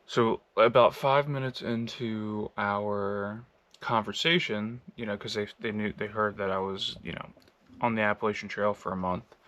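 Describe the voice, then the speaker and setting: A man's voice: lowish voice, steady tone, normal speed, fairly bright tone. A man from the United States casually telling a travel story, rambling with lots of fillers and laughing as he goes. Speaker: long-distance walker vlogging.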